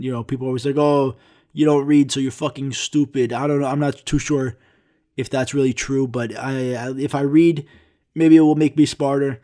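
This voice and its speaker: A man's voice: medium pitch, a little mellow. A young man talks alone into his podcast mic, rambling from one thought to the next. He swears casually, often mocks himself, and speaks in an ordinary mid-range voice. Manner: rambling, profane, self-mocking. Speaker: podcast host. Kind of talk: casual solo rant.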